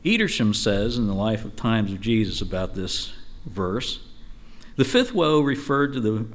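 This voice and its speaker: Lively conversational man teaching Scripture. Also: lowish voice, measured pace. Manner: conversational, lively, with frequent "you know" asides. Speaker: Bible teacher. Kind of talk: informal Bible study teaching.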